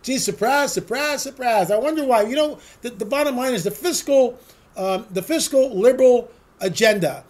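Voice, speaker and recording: Combative high-voiced man. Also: moderate pace, a little mellow. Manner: combative, sarcastic, rambling with rhetorical questions. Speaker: talk radio host. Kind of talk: political monologue.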